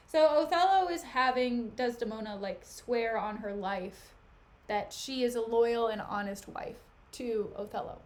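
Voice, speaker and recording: A woman's voice: fairly high pitch, unhurried. A young woman streaming, retelling a play in a chatty, gossipy way full of "like". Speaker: streamer reading a play aloud. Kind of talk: casual chat and retelling.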